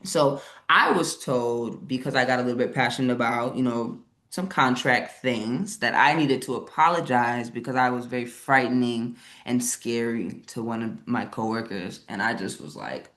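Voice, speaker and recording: A woman's voice: rumbling low, normal speed, few pauses, a bit bright. Brief: woman co-presenter, emphatic and passionate delivery, video-call audio. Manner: passionate, emphatic, tags points with "right?". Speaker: webinar co-presenter. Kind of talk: live online presentation discussion.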